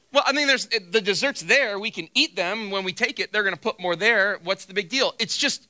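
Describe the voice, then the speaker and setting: A pastor with a high-pitched, sharp voice speaks fairly quickly in a sermon. He tells a funny personal story with acted-out quotes and self-deprecating humor before turning to scripture.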